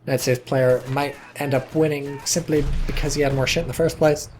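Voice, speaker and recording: A man casually casting a strategy game match, chatty and sardonic, with sudden excited outbursts. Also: medium pitch, fairly quick. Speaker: game commentator. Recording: noticeable background noise.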